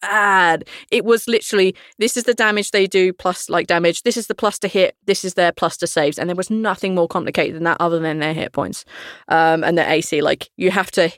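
Candid woman game master, low dry voice. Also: steady tone, brisk, dry recording. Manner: candid, laughs often, swears casually. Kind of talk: casual podcast chat.

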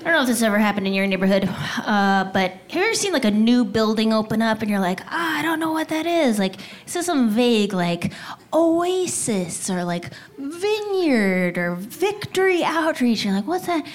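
A woman's voice: fairly high pitch, very animated, moderate pace. A woman comedian performing a stand-up routine for a live audience, building to mock-preachy bits.

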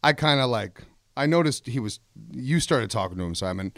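Brief: relaxed, rambling man, mid pitch, lively swings, dry sound. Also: moderate pace, no room sound. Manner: easygoing, laughs often, rambling. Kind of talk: casual storytelling chat.

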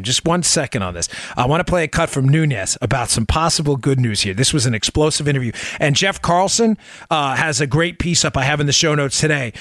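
A middle-aged man hosting a political talk show, indignant and emphatic, with quick asides to his producer. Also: mid-range voice, fairly bright tone, no echo, studio quality. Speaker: political podcast host. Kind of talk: animated political commentary.

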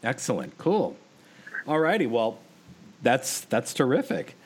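A man's voice: mid-range voice, huge pitch swings, a little slow, breathy edge. An American man hosting an interview, chatty and eager, often restarting his sentences. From United States. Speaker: podcast host. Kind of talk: casual interview chat.

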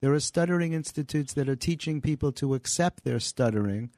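A man's voice: a little high, brisk, a little mellow, dry recording. Earnest man telling stories in studio. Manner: earnest storyteller. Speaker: guest, comedy writer and author. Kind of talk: radio interview. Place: radio studio. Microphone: studio microphone.

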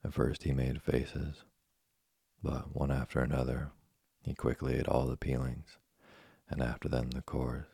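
A man narrates a storybook in a very deep, flat voice. He sounds dark, husky and gravelly. The recording is dry and close. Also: unhurried, no echo. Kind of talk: storybook reading.

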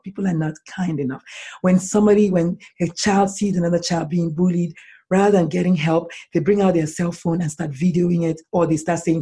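A woman author answering interview questions, animated and acting out bits of dialogue as she talks. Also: on the low side, normal speed, slightly rough. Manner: animated, acts out dialogue in lively voices. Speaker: author guest.

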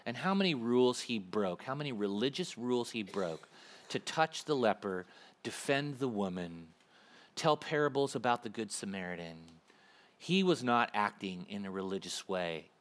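Animated male preacher. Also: fairly low pitch, moderate pace. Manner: animated, conversational preaching with acted-out asides. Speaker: pastor. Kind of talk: sermon.

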